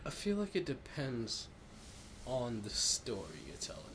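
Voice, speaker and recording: A man co-hosting a casual podcast, thinking aloud in a relaxed, hedging way. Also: mid-range voice, a little slow, background noise. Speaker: podcast co-host.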